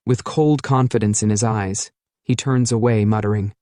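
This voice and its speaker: A man's voice: lowish voice, little pitch movement, moderate pace, warm tone, dry recording, clean studio sound. A man narrating a comic recap as dramatic storytelling.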